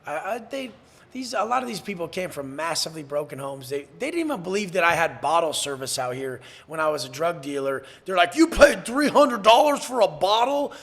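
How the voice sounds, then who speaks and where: A man from San Diego speaks as a podcast guest in a blunt, profane and intense way. His voice is husky, with a slightly raised pitch. He often acts out the back-and-forth he is describing. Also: animated, a little fast, fairly bright tone. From San Diego, USA. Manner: profane, blunt and intense, acting out quoted exchanges. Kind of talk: podcast interview.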